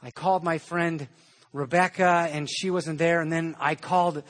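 A male preacher voicing a lonely young woman who is crying on the phone and speaks in a plaintive, halting way. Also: sits low, fairly even intonation. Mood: tearful. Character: lonely tearful young woman calling a friend.

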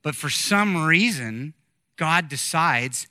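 Man in his forties, pastor, bright tone, fairly high voice, animated conversational sermon. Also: normal speed, dry recording, clean studio sound. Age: 40s. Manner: animated, conversational preaching with asides to the congregation. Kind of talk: sermon with scripture reading.

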